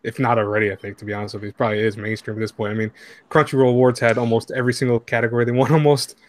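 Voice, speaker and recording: A man's voice: medium pitch, flat delivery, racing, no room sound. A man hosting a live stream as an anime YouTuber, an enthusiastic fan who often stumbles and restarts his sentences. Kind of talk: casual live-stream interview.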